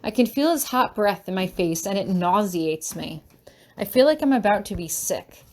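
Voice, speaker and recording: A woman's voice: mid-range voice, animated, normal speed, darkish tone. A woman reading a first-person fan story aloud, emotional and urgent, with a shaky voice in tense moments. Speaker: fanfiction reader.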